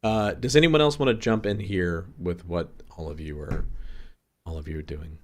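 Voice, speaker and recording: A man narrates as game master for a tabletop role-play game with a low, deep voice. He talks casually, with plenty of fillers, and laughs often. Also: fairly even intonation, normal speed, slight background noise.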